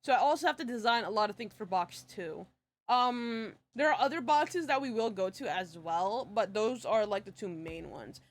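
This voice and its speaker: A woman's voice: mid-range voice, expressive, normal speed. A young woman answering questions on a casual live stream, rambling and giggly with many fillers and restarts. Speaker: streamer and project creator.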